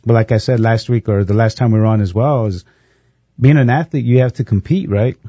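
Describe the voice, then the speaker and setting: Male co-host on faith radio, relaxed and encouraging, dark mellow tone, slightly muffled. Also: mid-range voice, a little fast, husky, no echo. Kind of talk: faith-based call-in talk.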